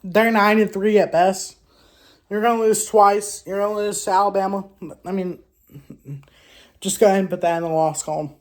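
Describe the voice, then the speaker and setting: A woman hosting a casual sports commentary vlog. She trash-talks in an animated way, with loud exclamations, rhetorical questions and frequent restarts. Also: mid-range voice, normal speed, long pauses. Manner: frequent restarts and self-corrections. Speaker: sports show host.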